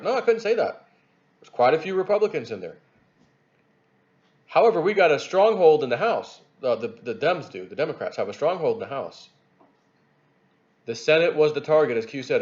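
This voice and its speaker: A man giving rambling political commentary on his video channel, animated and repeating himself as he talks. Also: a little high, muffled recording. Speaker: YouTube commentator.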